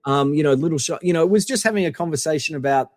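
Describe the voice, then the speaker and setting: A man chats as a podcast guest, wandering through his stories with plenty of ums and restarts. His voice sits a little high, and the sound is dry and close with a long reverb tail. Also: rapid-fire. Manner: rambling, many fillers and restarts. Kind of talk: casual anecdotal storytelling.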